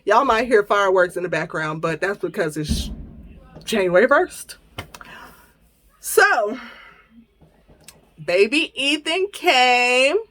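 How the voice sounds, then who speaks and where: A woman hosting a podcast tells her listeners a personal story, casual and animated, laughing along and acting out her own quoted lines. Her voice is fairly high, and she speaks slowly with long pauses.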